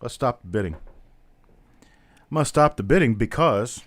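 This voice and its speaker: Guy running a live coin auction on stream, mid pitch, dry close sound, rattles off bids and prices. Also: lively intonation, unhurried, no room sound. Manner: chatty, calls out bidders and prices. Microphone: webcam on a stand.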